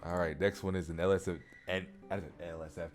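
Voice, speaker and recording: A man's voice: deep voice, quick pace. A man co-hosting a casual podcast, reading stories aloud and laughing often between lines. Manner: laughing, animated, swearing. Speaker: podcast co-host.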